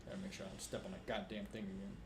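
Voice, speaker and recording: A man's voice: low voice, racing. A man streaming a game live, cursing and venting as he plays. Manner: profane, venting, animated. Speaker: gaming streamer. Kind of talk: live gameplay commentary. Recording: roomy livestream audio with faint background noise.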